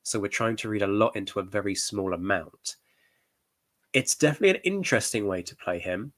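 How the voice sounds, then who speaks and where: A man's voice: fairly low pitch, expressive, a little fast, a bit bright, dry recording. A male historian giving reaction commentary, thoughtful and hedging, with frequent fillers.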